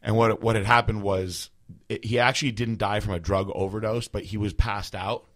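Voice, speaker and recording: A man with a very low voice tells a long personal story in a loose, casual way. He talks in a rambling manner, full of fillers and restarts. He sounds like a host in his thirties chatting on a podcast. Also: flat delivery, moderate pace.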